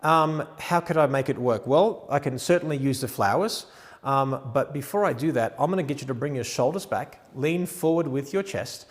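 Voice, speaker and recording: A man's voice: mid-range voice, normal speed. Man coaching a photo pose, reverberant room. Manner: relaxed, coaching, directs the model gently. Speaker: wedding photographer teaching posing. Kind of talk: posing tutorial while directing a model.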